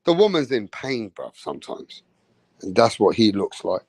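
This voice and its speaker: A man giving a profane, slangy, animated rant as a boxing commentator on a live stream. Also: fairly low pitch, moderate pace, creaky, breathy edge, dry recording.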